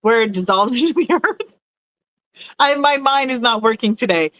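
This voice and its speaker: On her casual livestream, a woman with a higher, animated and slightly bright voice speaks at normal speed, rambling while reading out viewer messages and often searching for words. The recording is rough, with no room sound.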